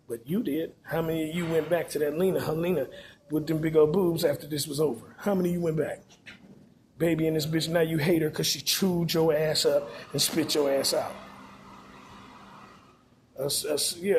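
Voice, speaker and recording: A man's voice: fairly high pitch, slight background noise. A man, delivering a rambling, profane, preachy monologue full of repetition.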